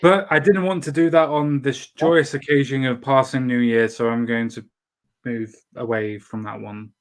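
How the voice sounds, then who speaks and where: A man hosts a loose, casual chat, at an ordinary middle pitch. He swears freely and trips over his own words, starting phrases again and again. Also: steady tone, moderate pace. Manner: swears freely, talks in restarts. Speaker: show host.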